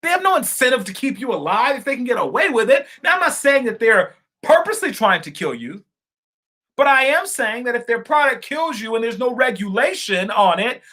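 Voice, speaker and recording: Fervent man speaking straight to viewers. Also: extremely high pitch. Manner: fervent, repetitive, swings between shouting and quiet asides; addresses viewers directly as y'all and folks. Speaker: live-stream political commentator. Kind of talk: impassioned live-stream talk, reading viewer comments.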